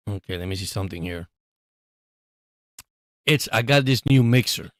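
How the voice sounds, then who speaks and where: A man's voice: fairly low pitch, animated, no echo, studio quality. A man hosting a live sports stream, chatting casually and calling the plays as he watches. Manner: chatty, rambling, quick to laugh.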